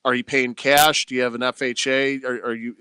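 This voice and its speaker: A man's voice: medium pitch, level tone, fairly quick, pushed and bright, smooth, no echo. A man, a real estate agent talking emphatically on a radio talk show into a close studio mic. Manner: emphatic, plain-spoken sales talk.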